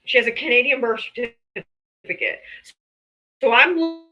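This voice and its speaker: A woman, a mother, hosting a live political talk stream in casual, animated chat, swearing freely. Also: a little high, a little slow, highs cut off. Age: adult mother. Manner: animated, swears freely, slips into comic voices.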